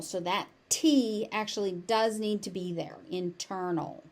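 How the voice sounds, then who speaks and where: A woman with a General American accent teaching pronunciation, repeating each word slowly and enunciating clearly. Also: medium pitch, darkish tone. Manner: slow, deliberate, exaggerated enunciation of each word. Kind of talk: pronunciation lesson, slow drilled word repetition.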